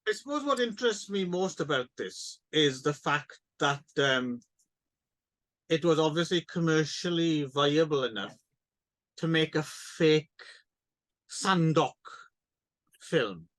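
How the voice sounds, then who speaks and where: A man with a slightly raised voice co-hosts a casual film podcast. He thinks out loud and ponders each point, often restarting his sentences. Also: a little high, lively intonation, takes it slowly, pauses often. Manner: thoughtful, musing, with hesitant restarts. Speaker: podcast co-host.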